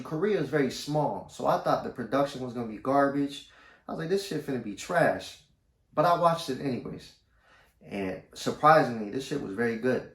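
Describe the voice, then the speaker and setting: A man telling a personal story to camera in a casual, slangy, low-key way. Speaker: vlogger. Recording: roomy echo.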